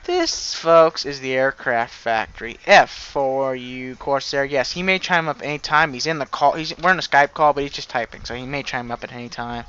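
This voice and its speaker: A man's voice: medium pitch, lively intonation, moderate pace, few pauses, pushed and bright, clean tone, muffled recording. A man hosting a casual flight sim gameplay commentary, rambling and restarting his sentences as he talks. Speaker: host. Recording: engine noise under the voice. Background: aircraft engine noise from the game.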